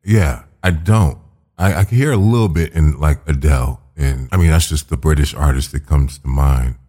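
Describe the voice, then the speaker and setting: Deep-voiced American man, blunt and joking. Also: moderate pace, dark tone. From United States. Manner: blunt, joking, swears freely. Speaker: podcast host. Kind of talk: casual interview chat.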